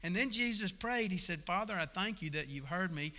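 A man's voice: high-pitched, expressive, brisk, pushed and bright, big-room sound. A man preaching a sermon in a folksy, conversational way, with casual asides to the congregation. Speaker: pastor. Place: church sanctuary.

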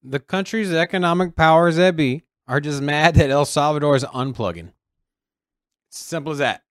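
A man co-hosting a podcast in casual chat, animated and acting out other people's lines as he tells a story. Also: on the high side, moderate pace, clear, resonant tone, no echo, studio quality. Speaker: podcast co-host.

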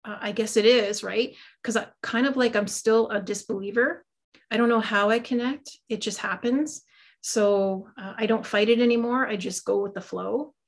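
A woman's voice: on the high side, normal speed. Middle-aged lady guest rambling casually about her life, lots of ums, kinda self-deprecating. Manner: chatty and self-deprecating, many fillers. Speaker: guest, psychic medium and Reiki master. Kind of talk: casual interview storytelling.

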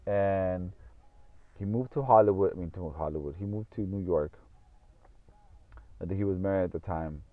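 A man's voice: low voice, normal speed, long pauses, dry recording. A man telling a story in a casual monologue, rambling, repeating himself and swearing often. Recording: tinny phone-like audio.

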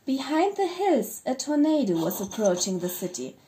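A woman reads her own story aloud in a brisk, steady voice. Her pitch sits high and moves around a lot. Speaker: co-writer narrating a story. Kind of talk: reading story narration aloud.

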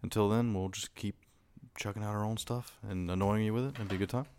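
A man's voice: fairly low pitch, fairly even intonation, fast, dark tone, slight background noise. A man hosting a casual podcast, laid-back and filler-heavy, laughing often. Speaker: podcast host.

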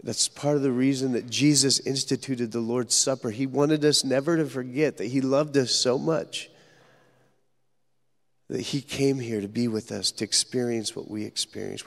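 A man preaching a sermon as pastor, telling stories earnestly with dramatic pauses. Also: mid-range voice, creaky. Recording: echoey hall reverb.

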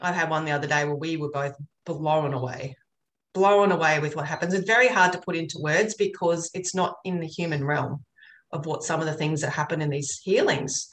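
A deep-voiced woman speaks briskly, her words carrying a roomy echo. In a casual interview chat, she earnestly describes her work as an energy healer, telling rambling, chatty stories.

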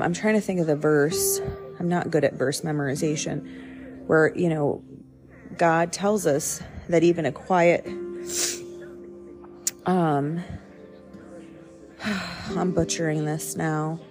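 A low-pitched young woman talks in a loose, conversational devotional style, circling back and fixing her words as she goes. Soft music plays faintly underneath her voice. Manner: rambling, self-correcting, conversational. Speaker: podcast host. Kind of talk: casual devotional talk.

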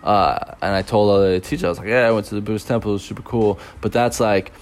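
Deep-voiced young man telling a rambling story. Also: steady tone, quick pace. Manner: rambling, loose, with many fillers and chuckles. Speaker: teacher working abroad. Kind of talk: casual storytelling vlog.

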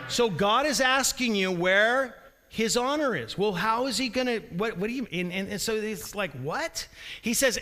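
A man preaching a sermon in a church, energetic and calling for responses from the congregation. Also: sits high, brisk. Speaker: pastor. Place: church sanctuary. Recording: long reverb of a large hall.

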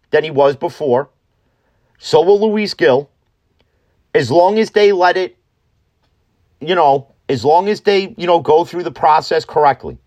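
A man hosting an opinionated sports talk show, ranting bluntly and swearing freely. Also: fairly high pitch. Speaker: sports podcast host.

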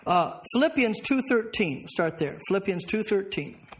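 A pastor with a high-pitched voice leads a Bible study in a church classroom. He reads scripture aloud and keeps tossing questions to his listeners before answering them himself. He sounds middle-aged. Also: expressive, moderate pace.

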